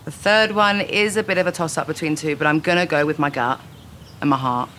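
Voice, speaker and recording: Bright-voiced woman, frank and dry. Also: deep voice, fairly quick, a little hiss or hum. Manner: frank, dry, laughs easily. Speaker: singer being interviewed. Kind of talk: casual quick-fire interview answers. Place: her home.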